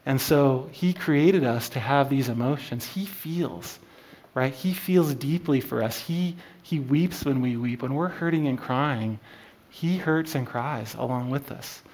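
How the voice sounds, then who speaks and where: Halting, conversational man teaching scripture. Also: medium pitch, darkish tone. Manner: halting, many fillers and restarts, conversational. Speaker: Bible study teacher. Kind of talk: informal Bible teaching.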